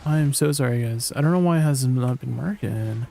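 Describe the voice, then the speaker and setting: A man's voice: mid-range voice, moderate pace, creaky, warm tone. A man livestreaming a game, chatting casually in a rambling way with lots of fillers and laughing at himself. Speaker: streamer.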